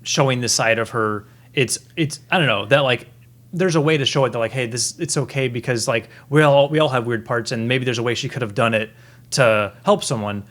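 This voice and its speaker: Thirties male podcast host, earnest and rambling, average pitch, casual film talk. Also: a little fast, fairly bright tone. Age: 30s. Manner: rambling, many restarts and fillers, earnest. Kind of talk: casual review chat.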